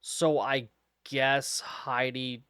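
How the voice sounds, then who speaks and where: In a casual, profane movie recap on his podcast, a man sounds sarcastic and exasperated while drawing out his words. His medium-pitched voice is level, sharp, clear and resonant, recorded in studio quality with no echo.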